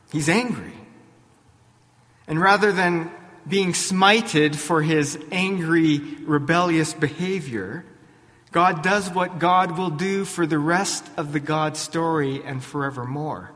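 Slow deliberate guy preaching in a church, voice a bit high, long echo. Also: a bit bright. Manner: deliberate, rhetorical questions to the congregation. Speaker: pastor. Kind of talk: sermon.

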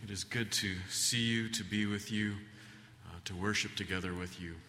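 A man's voice: fairly low pitch, steady tone, normal speed, pushed and bright. A man preaching a sermon in a church, telling folksy family stories with plenty of ums and restarts. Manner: folksy, rambling, many fillers. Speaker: guest preacher. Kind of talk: sermon with storytelling. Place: church sanctuary. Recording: long church reverb.

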